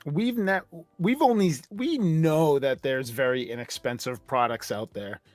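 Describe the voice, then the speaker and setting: Male co-host, mid pitch, rambling storyteller, dry studio sound, faint music. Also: a little slow, dry recording. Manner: rambling anecdotes with frequent restarts. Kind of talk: casual review chat.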